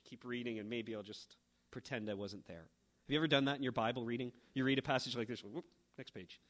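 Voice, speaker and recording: Bright-voiced man preaching a sermon. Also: medium pitch. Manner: emphatic, rising to fervent peaks then dropping quiet. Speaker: pastor.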